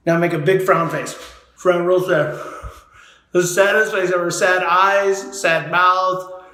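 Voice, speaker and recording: A man teaching young students a drama lesson, leading face, voice and diction warm-ups in an encouraging way and modeling each drill for them to repeat. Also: high voice, steady tone, takes it slowly. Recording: very echoey room.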